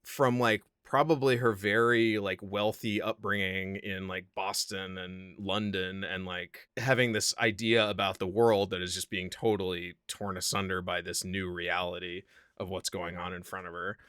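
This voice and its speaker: A man's voice: low voice, flat delivery, normal speed, fairly bright tone, clear, resonant tone, no room sound, clean studio sound. A podcast co-host, a man, enthusiastically talking through a film scene in casual chat, full of filler words. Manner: enthusiastic, lots of "like" fillers, laughs often.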